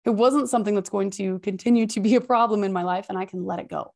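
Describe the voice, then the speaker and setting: Expressive, gravelly-voiced woman giving self-help advice. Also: quick pace. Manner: expressive and high-energy, emphatic repetition. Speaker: podcast host and habits coach. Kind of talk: motivational self-help talk.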